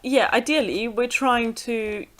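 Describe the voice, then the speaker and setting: A woman's voice: a little high, slow, a bit bright. A woman co-hosting a casual chat, thinking aloud in an easygoing, chatty way as she builds a card deck.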